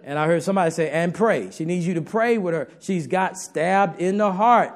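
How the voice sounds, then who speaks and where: A man's voice: high-pitched, moderate pace. A man preaching a sermon to his congregation in a folksy, humorous way, talking straight to the listeners.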